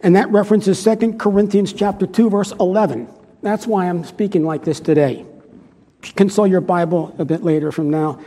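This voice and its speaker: A man's voice: high voice, steady tone, normal speed, mellow. A man preaching a sermon with earnest emphasis, often repeating phrases for stress. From United States. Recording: long hall reverb.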